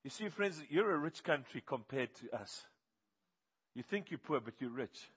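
A South African male pastor delivers an emphatic sermon and calls on the congregation to repeat key words. His voice is husky and his pitch sits in an average range. The recording sounds dull and lo-fi. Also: expressive, normal speed, a bit bright.

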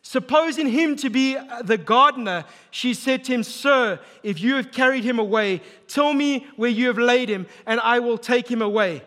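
A married man preaching a sermon as pastor, emphatic and building to near shouts. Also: very high voice, moderate pace, hardly any pauses. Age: adult, married. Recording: long hall reverb.

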